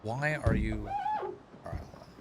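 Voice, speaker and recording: A man streaming a game live, commenting as he plays, excitable and quick to swear in frantic reactions. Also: medium pitch, vocal fry. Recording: loud music under the voice.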